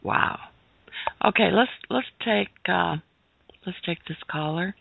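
A woman's voice: lowish voice, vocal fry, no echo. A woman hosting a call-in radio show, interjecting briefly and moving on to callers. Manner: quick interjections, agreeing and steering to callers. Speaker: radio host. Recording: tinny lo-fi broadcast sound.

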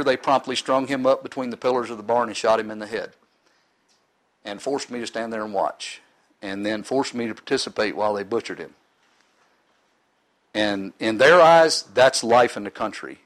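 A man's voice: medium pitch, steady tone, moderate pace, fairly bright tone, poor audio. A middle-aged man in ministry giving an earnest, sometimes emotional personal testimony to a live audience.

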